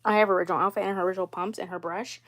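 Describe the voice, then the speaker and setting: A woman chatting casually while showing her dolls, rambling with fillers and frequent throat clearing. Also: fairly low pitch, steady tone, rapid-fire, fairly bright tone. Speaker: doll collector livestreamer.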